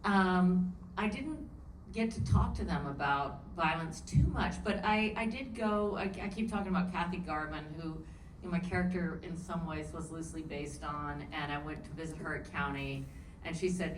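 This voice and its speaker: A woman's voice: deep voice, moderate pace. A woman from New Orleans with a Southern accent, an actress telling stories at a panel Q&A with lots of laughter. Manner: animated, laughing storyteller. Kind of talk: panel Q&A chat. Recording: roomy hall, distant mic, faint noise.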